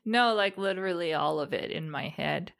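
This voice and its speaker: A woman's voice: on the low side, moderate pace, a bit bright. A woman playing a tabletop game, talking in character in a hesitant, rambling way. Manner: hesitant and rambling, many fillers. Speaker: player. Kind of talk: casual in-character tabletop play.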